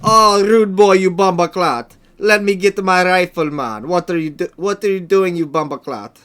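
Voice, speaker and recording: A man putting on a boastful male gangster voice with an exaggerated Jamaican accent, raised high and loud as a mocking joke. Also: moderate pace, clear, resonant tone. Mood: mocking bravado. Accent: put-on Jamaican.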